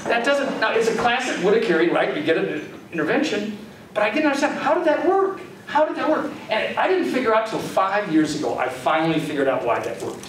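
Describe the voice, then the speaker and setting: A man's voice: high-pitched, big pitch swings, a little fast, a bit bright. Older man lecturing in an echoey hall. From Chicago area. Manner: conversational, anecdotal, self-deprecating. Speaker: guest lecturer. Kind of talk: storytelling lecture. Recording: echoey hall from far off, faint hiss.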